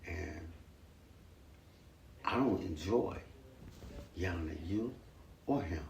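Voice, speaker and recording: Man, very deep voice, earnest, repetitive, father talking to sons, distant, roomy echo. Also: animated, slow pace, vocal fry, a little mellow. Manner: earnest, repetitive, plain-spoken. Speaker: father speaking to his sons. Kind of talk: home family talk, lecturing and apologizing. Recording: echoey room, far from the mic, faint hiss.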